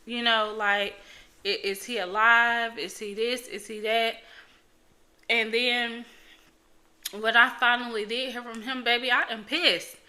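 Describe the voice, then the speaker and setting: A woman's voice: on the high side, fairly even intonation, measured pace, bright, forceful tone. A young woman hosting her own podcast, talking frankly and bluntly in casual chat, swearing freely and leaning on fillers. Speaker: podcast host. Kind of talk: casual solo podcast talk.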